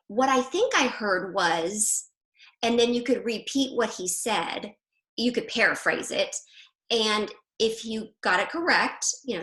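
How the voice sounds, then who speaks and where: A woman hosting a women's group on a video call, talking in a casual, animated way and laughing easily. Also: on the high side. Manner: chatty, animated, quick to laugh. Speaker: Christian marriage coach hosting a women's group. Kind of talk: casual live online coaching talk. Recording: roomy echo.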